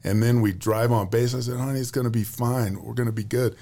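A man in his fifties, a retiring Air Force general, telling stories in a relaxed, chatty way with lots of fillers and restarts. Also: mid-range voice, a little fast. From United States. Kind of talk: casual storytelling interview.

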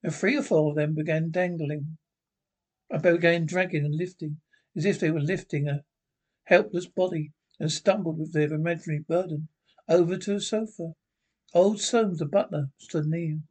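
A man reads a gothic short story aloud, telling it in the first person with dramatic flair. His voice sits a little high for a man and carries a husky, breathy grain. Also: fairly even intonation, normal speed, a little mellow. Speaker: reader.

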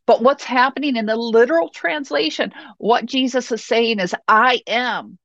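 A woman's voice: on the high side, moderate pace, vocal fry, dry recording, muffled recording. A woman preaching a sermon in a conversational way, often checking in with "okay" and "you know".

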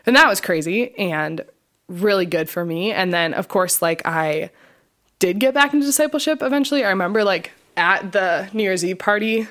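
A young adult woman shares her personal testimony on a podcast she co-hosts. She talks in a relaxed, rambling way, packed with fillers. She often re-enacts what she said back then. Her voice sits at an ordinary middle pitch. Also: normal speed. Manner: chatty, filler-heavy, quotes her past self. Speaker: podcast co-host.

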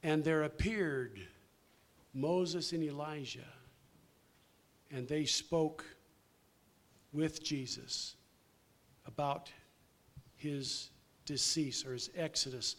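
An older man preaching slowly and emphatically, answering questions and rising in force on key points. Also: a little high.

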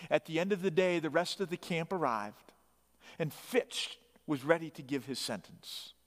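A man's voice: fairly high pitch, expressive, moderate pace, long reverb tail. A man narrating a story dramatically, swelling his emphasis on key phrases.

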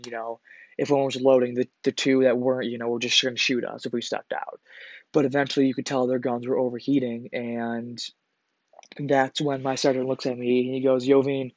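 Young male podcast host, casual storyteller, rambling and profane, mid pitch, dry lo-fi recording. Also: no room sound. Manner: rambling, profane, with frequent restarts and fillers.

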